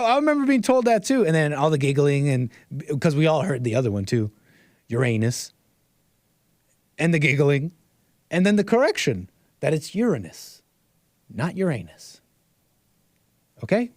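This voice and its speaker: A male call-in show host with a higher-pitched voice that swings up and down. He jokes with the audience and his callers, and the close studio mic gives a dry, intimate sound. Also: no echo. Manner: animated, jokey, laughs at his own jokes. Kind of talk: live call-in show chat.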